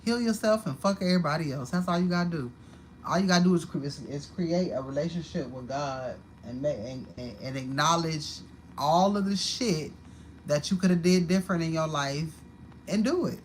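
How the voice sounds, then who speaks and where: A woman's voice: deep voice, moderate pace, a little hiss or hum, rough recording. A woman giving a live-streamed tarot card reading at home, talking in a blunt, profane and repetitive way. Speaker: tarot reader. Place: home apartment.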